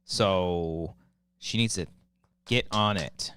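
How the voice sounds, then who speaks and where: A man's voice: low-pitched, slow pace, a bit bright, smooth, no echo. A man in his thirties co-hosting a podcast, chatting loosely, joking and swearing freely. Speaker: podcast co-host. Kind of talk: casual chat.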